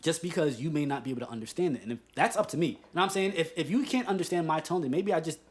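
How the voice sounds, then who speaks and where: A man with a slightly high voice co-hosts a casual podcast chat. He talks in an animated, profane, emphatic way as he tells his story. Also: rapid-fire. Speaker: podcast co-host.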